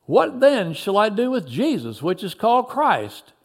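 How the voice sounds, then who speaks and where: A man voicing a stern Roman governor who questions a prisoner in slow, solemn, archaic speech. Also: high-pitched, wildly swooping pitch, exaggerated voice. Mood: stern, pleading.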